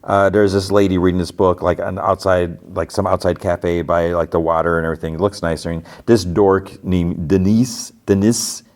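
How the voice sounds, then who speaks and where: A man's voice: low-pitched, flat delivery, normal speed, few pauses, a little mellow. A man hosting a podcast, casually retelling TV episodes in a rambling way, full of fillers. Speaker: podcast host.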